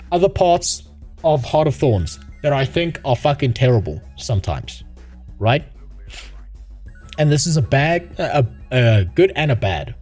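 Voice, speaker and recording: Male streamer, profane sarcastic game rant, upper-middle pitch, soft music underneath. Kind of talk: casual live-stream rant.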